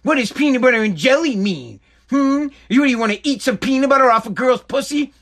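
A man mimicking a suspicious, nagging wife with mocking, drawn-out questions. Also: very high voice, lively intonation, fairly bright tone, voice pushed up, full character voice.

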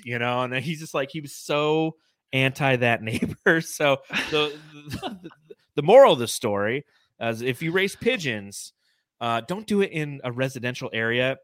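A man's voice: mid-range voice, expressive, moderate pace, a bit bright, no echo. A man in his thirties from California, hosting a podcast and telling rambling, self-mocking childhood stories full of fillers. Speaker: podcast host. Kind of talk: casual storytelling chat.

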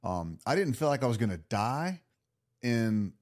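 A man guest on a podcast, telling a story in a casual, animated way, laughing and restarting his sentences. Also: mid-range voice, a little slow. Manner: animated, laughing, lots of restarts and acted self-talk.

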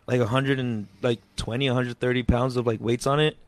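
A man's voice: medium pitch, fairly even intonation, brisk, dry recording. Laid-back man hosting a casual podcast. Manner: laid-back, swears a lot, slips into Spanish. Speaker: podcast host. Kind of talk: casual chat. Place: podcast studio.

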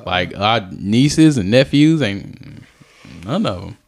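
A man hosts a relaxed, casual podcast chat, talking in a loose, rambling way. His lively voice swings widely in pitch and leaps up quickly whenever he asks a question.

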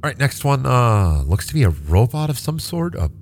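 A man narrating as game master of a tabletop game, talking in a lively way with many fillers and restarts. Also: mid-range voice, moderate pace.

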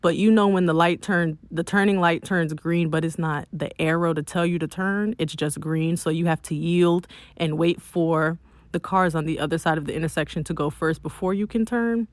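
Lower-voiced young woman telling a story. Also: normal speed, no room sound. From Miami. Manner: emphatic, animated retelling with frequent "like". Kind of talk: casual first-person storytelling.

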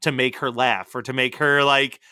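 Chatty podcast guy, bright crisp voice, lots of like like, dry close mic. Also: mid-range voice, normal speed, dry recording. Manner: animated, lots of "like" fillers. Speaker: podcast co-host. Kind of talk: casual pop culture chat.

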